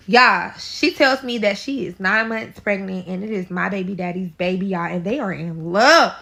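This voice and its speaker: A woman's voice: medium pitch, moderate pace, vocal fry, bright, forceful tone. A woman from St. Louis with a St. Louis accent, dramatically telling a personal story in a casual storytime and talking to her listeners as y'all. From St. Louis, USA. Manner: dramatic, addresses listeners as y'all, swears freely.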